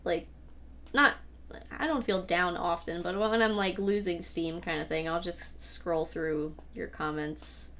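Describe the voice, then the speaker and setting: A woman hosting a casual livestream Q&A, talking loosely with fillers and quick laughs. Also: lowish voice, a bit bright. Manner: chatty, rambling with fillers and laughs. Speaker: host and creator of the audio drama.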